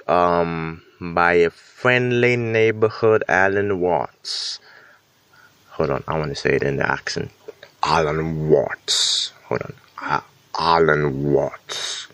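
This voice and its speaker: Male podcast host, low unhurried voice, rambling and self-mocking, lots of ums, dry close sound. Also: creaky, fairly bright tone, no room sound. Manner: rambling and self-deprecating, many fillers and restarts; casual swearing. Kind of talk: casual solo podcast monologue.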